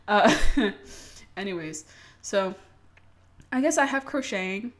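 A woman's voice: mid-range voice, normal speed, fairly bright tone. A young adult woman ranting casually to her audience, swearing freely and self-mocking with dramatic flair. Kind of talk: casual rant to camera.

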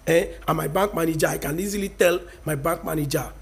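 High-voiced Nigerian vlogger in his thirties, lecturing viewers with emphatic, preachy energy. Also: expressive, quick pace. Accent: Nigerian, Yoruba-speaking. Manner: emphatic, preachy, mixes in Yoruba. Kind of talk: casual opinion rant to camera.

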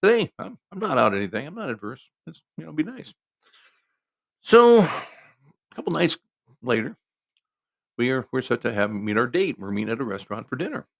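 A man with a gravelly, creaky voice telling a story in a loose, conversational way. He starts over often and drifts into asides as he talks. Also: mid-range voice, big pitch swings, normal speed, long pauses. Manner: rambling, conversational, with many restarts and asides. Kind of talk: casual spoken storytelling.

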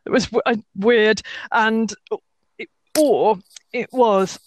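A woman's voice: on the high side, slow. A woman from England in her forties, co-hosting a podcast in casual, giggly storytelling chat. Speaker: podcast co-host.

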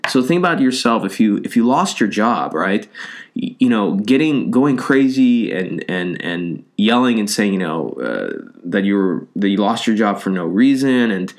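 A man's voice: on the low side, very animated, measured pace. A man giving a loose, conversational motivational talk, with lots of fillers and a habit of tagging his points with "right?".

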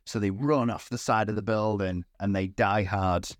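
A man's voice: lowish voice, steady tone, moderate pace, dry recording, studio quality. A man co-hosting a casual podcast, recapping a film with lots of swearing and put-on character voices. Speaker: podcast co-host.

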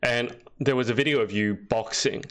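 A man's voice: mid-range voice, steady tone, moderate pace, a bit bright. A man hosting a live interview, asking chatty, friendly questions. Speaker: interview host. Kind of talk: casual interview. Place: live online video call.

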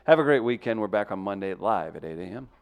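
Male comedy host, joking and roasting, animated delivery. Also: fairly low pitch, fast, clean tone. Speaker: radio show host. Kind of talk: casual comedy show banter.

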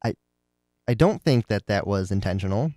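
A man's voice: on the low side, lively intonation, normal speed, warm tone, no room sound, studio quality. A man co-hosting a podcast, sardonic in casual chat about a movie. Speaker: podcast co-host.

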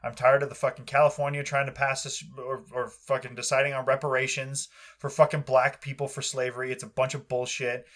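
A man's voice: mid-range voice, flat delivery, brisk, few pauses, fairly bright tone. Profane, ranting man, heated. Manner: heated, aggressive, swears constantly. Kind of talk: profane angry rant.

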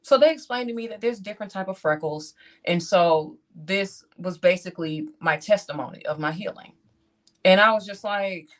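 A woman in her thirties, speaking, tells a personal testimony in animated style and acts out her own reactions as she talks to the audience. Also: mid-range voice, moderate pace. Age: 30s. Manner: talks straight to the audience, calls them "y'all".

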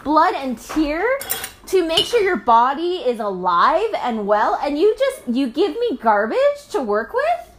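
Brief: woman doing an exasperated body, offended and overworked, shrill high protest that swings wildly in pitch. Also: big pitch swings, unhurried. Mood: outraged.

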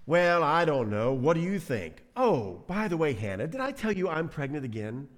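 Man preacher playing a catty, taunting wife; sugary, lively. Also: on the high side, moderate pace. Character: catty, mocking woman, a rival wife.

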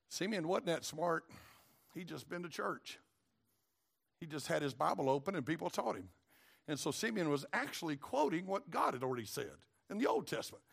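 A middle-aged pastor preaching with a high, gravelly voice. He sinks to a quiet, low tone for solemn points, then climbs into raised, ringing shouts. The delivery is a fervent sermon to a congregation. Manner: preaching with rising shouts on key phrases.

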